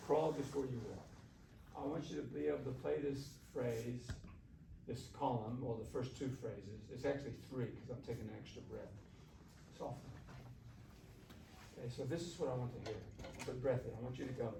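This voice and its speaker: A man's voice: medium pitch, moderate pace, gravelly. Man teaching a class from across a roomy space. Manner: conversational, coaxing, asks the class questions. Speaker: shakuhachi teacher. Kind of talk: workshop teaching. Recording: roomy, from far off, faint hiss.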